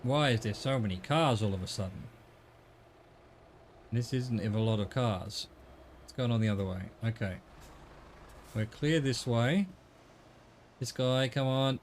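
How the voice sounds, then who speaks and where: Australian man, middle-aged, game streamer, chatty rambling talk, mid-pitched voice, faint background noise. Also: measured pace, pauses often. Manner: rambling, chatty, corrects himself mid-sentence. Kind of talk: casual chat while gaming.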